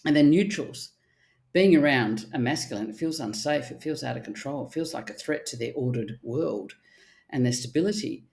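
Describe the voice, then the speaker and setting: A middle-aged woman, a therapist speaking in casual podcast chat, animated and blunt, with the odd swear word. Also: extremely low pitch, normal speed, creaky. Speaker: archetypal therapist guest.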